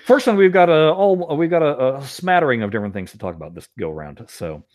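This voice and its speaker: A man's voice: a little high, fast, no echo, studio quality. A middle-aged man hosting a podcast in casual chat, talking with lots of fillers and frequent laughs. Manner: animated, laughs often, many fillers. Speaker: podcast host.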